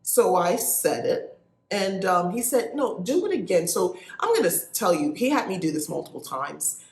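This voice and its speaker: A woman in her forties with a nasal South Jersey accent, telling a story to her podcast listeners in a chatty, animated way. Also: lowish voice, moderate pace. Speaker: podcast host. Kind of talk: casual storytelling monologue. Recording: echoey room.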